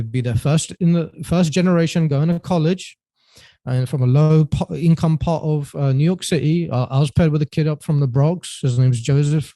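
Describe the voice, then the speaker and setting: A man as a podcast guest, telling his story in a relaxed way with many fillers and self-corrections. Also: on the high side, dry recording. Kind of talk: casual storytelling interview.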